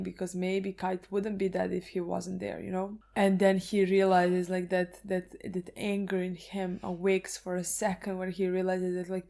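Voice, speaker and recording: A woman talks through her reaction to an anime episode in easygoing chat. She is earnest and emphatic, dropping the odd swear. Her voice stays fairly level in pitch throughout. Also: warm tone.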